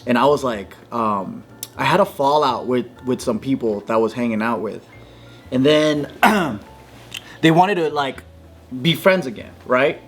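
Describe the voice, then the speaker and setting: A man telling a story in casual chat, animated, swearing freely and acting out quotes in a raised voice. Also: a little slow, faint music behind. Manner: animated, swears a lot, acts out quotes in a higher voice. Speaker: podcast guest.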